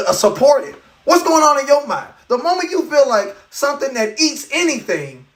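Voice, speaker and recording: A man hosting a live podcast, delivering an animated, profane comedic rant full of incredulous asides. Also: high-pitched, far from the mic. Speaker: podcast host.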